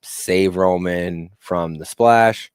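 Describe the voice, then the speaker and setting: Low, dry-voiced man chatting about wrestling. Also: very slow, clean tone, no echo. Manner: rambling, full of fillers and acted-out quotes. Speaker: podcast co-host. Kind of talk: casual wrestling chat.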